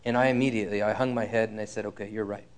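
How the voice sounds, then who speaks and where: A man's voice: fairly low pitch, steady tone, racing. Earnest man preaching a sermon. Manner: earnest, frank storytelling with restarts. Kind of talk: sermon with personal story.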